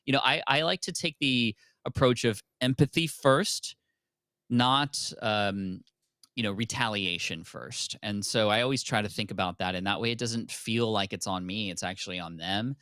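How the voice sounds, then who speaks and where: A man as a podcast guest, telling a personal story openly and candidly, with quick restarts. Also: fairly low pitch, pushed and bright, clean tone, dry recording, clean studio sound. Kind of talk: casual interview storytelling.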